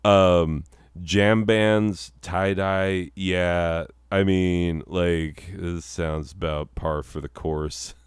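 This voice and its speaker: A man in his forties rambles through a casual monologue, mocking himself and laughing at his own jokes. His voice sits low and unhurried. It comes across smooth and close, with a dry, dead sound around it. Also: no room sound. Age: 40s. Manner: self-mocking, laughs often, many fillers. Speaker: channel host.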